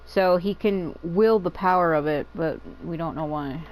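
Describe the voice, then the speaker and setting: A woman's voice: fairly low pitch, a little slow, a little mellow, poor audio. A woman casually commenting while she plays a game, explaining its lore in a rambling way, full of "like" and the odd swear word. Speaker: gamer. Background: game music.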